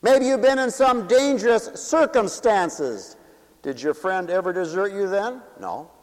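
A man preaching a sermon, asking rhetorical questions and swinging between forceful peaks and hushed low drops. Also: animated, measured pace, big-room sound, low-quality recording. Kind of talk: sermon to a congregation, also broadcast on radio.

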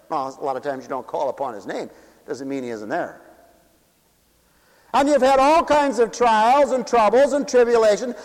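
A man delivers a dramatic sermon in a high voice, firing rhetorical questions at his listeners. He swings between forceful, rising lines and hushed, low replies. The sound carries a long reverb, as in a large hall. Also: sing-song, normal speed. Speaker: preacher. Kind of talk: sermon to a congregation, also broadcast on radio.

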